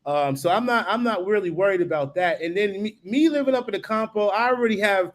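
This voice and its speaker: A man's voice: high voice, fairly quick. A man on a live stream talking casually and rambling, often asking "you know what I mean?". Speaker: guest building in the Caribbean.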